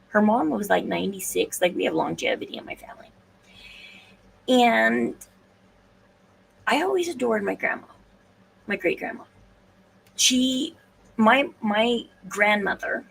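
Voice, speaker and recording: A woman's voice: mid-range voice, creaky. A woman hosting a casual solo livestream, talking in a rambling, hesitant way with frequent restarts. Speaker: podcast host. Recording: distant mic, faint room noise.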